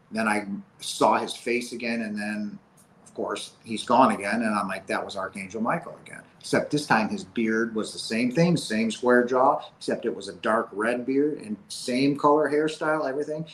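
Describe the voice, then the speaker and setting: A man's voice: on the low side, normal speed, a bit bright, slight background noise. A man telling a personal story casually, with frequent "like" and "right?". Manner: recounts events with frequent "like" and "right?". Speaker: guest sharing a personal experience. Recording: roomy, faint background ambience.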